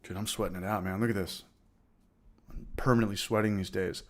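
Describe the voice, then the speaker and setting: A man hosting a casual homebrewing livestream with a loose, profane manner, repeating phrases, giving shout-outs and now and then fighting off a smoker's cough. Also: on the low side, steady tone, a little fast. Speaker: livestream host of a homebrewing channel. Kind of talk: casual livestream chat, reading out viewer comments.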